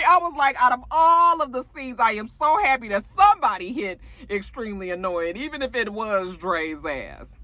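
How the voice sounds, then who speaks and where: A woman casually recapping a TV episode in an animated, profane, joking manner. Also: medium pitch, moderate pace. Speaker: TV show reviewer.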